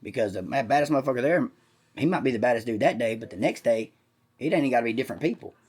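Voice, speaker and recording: A man rambles through crude comic stories on a podcast, swearing freely. He drops into quick voices for the people in his tales. His voice sits at a middling pitch. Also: expressive, a little mellow, slightly rough. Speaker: podcast co-host. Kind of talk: crude comedic storytelling.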